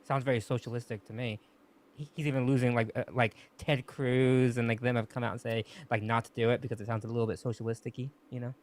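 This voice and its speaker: A man co-hosting a live stream, chatting casually and thanking donors in relaxed, rambling asides. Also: medium pitch, fast. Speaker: stream co-host. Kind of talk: casual chat, reading out donations.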